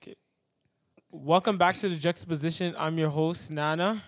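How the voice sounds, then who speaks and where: A man's voice: a little high, normal speed. A young man hosting a podcast, chatting casually and telling stories with a laugh. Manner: laughing, animated storytelling. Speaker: podcast host. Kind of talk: casual chat.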